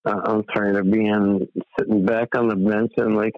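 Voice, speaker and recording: A man calling in to a talk show, rambling and halting, swearing as he rants. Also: fairly low pitch, flat delivery, dry recording, narrow, tinny audio. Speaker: caller. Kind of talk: casual call-in talk.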